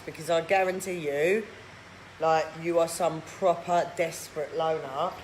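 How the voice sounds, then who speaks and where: A woman's voice: low voice, fairly even intonation, measured pace, darkish tone. Brief: woman in her thirties, live stream host, blunt and mocking, casual swearing, noisy background. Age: 30s. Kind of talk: live video chat reading viewer comments.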